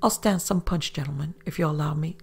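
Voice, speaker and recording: A woman voicing a dapper male storyteller, calm and sly, in a measured way. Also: low-pitched, creaky, husky, exaggerated voice. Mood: smooth.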